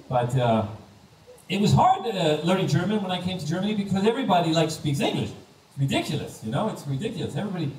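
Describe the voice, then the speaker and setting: A high-pitched American man works a comedy stage, telling lively stories and slipping into the voices of the people in them. His voice carries through a roomy live room, caught by a microphone some distance away. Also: fairly quick, pauses often, a little hiss or hum. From United States. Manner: animated storytelling, acting out quoted voices. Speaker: stand-up comedian. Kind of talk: stand-up comedy set. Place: comedy stage before a laughing audience.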